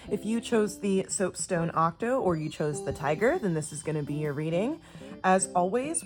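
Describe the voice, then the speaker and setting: Chatty young woman reading tarot. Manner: chatty, gushing, lively pitch swings. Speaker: tarot reader. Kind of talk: casual tarot reading to camera. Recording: soft guitar music behind.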